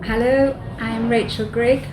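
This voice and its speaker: A woman's voice: a little high, fairly even intonation, measured pace, music in the background. An emotional woman, a visitor speaking to hospital staff. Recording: echoey noisy room.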